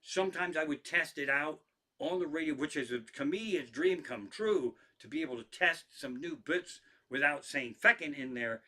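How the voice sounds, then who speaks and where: This stand-up comedian has a fairly high-pitched, sharp-toned voice and talks at a moderate pace. He tells rambling, profane stories to his live stream audience in a casual way, frequently starting sentences over.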